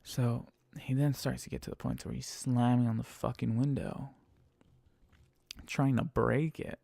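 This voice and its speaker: Man, gravelly dark voice, dry close sound, profane exasperated rideshare storyteller. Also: mid-range voice, fairly even intonation, unhurried, no room sound. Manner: heavy swearing, emphatic and exasperated. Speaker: rideshare driver telling stories. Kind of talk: casual storytelling monologue.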